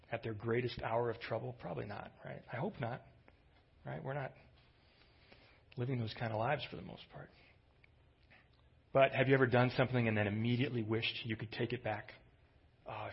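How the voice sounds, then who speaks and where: Husky-voiced male pastor, conversational sermon. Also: mid-range voice, muffled recording. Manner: conversational, relaxed storytelling with emphatic lifts.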